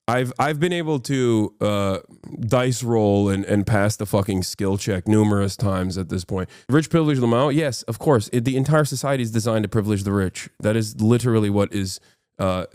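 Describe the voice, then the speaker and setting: A man's voice: on the low side, darkish tone, no echo, clean studio sound. A man in his thirties, a streamer giving casual, opinionated, sarcastic commentary and swearing freely.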